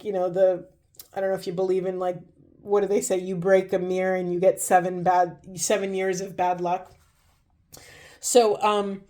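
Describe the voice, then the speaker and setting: A woman's voice: mid-range voice, dark tone. A woman doing a spiritual tarot card reading, talking casually and heartfelt, with many fillers. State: emotional, near tears. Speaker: tarot reader.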